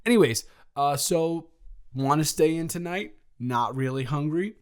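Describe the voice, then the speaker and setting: A man's voice: a little high, measured pace, smooth. A young man improvising an audio role-play, talking in a flustered, rambling way with many stammering restarts.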